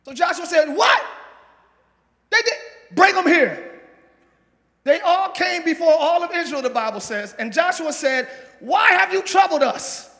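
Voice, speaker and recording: A male pastor preaching a sermon in a large church hall, shouting and calling on the congregation to respond. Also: very high voice, expressive, a little slow, gravelly, pauses often. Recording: live church hall with long reverb, crowd noise.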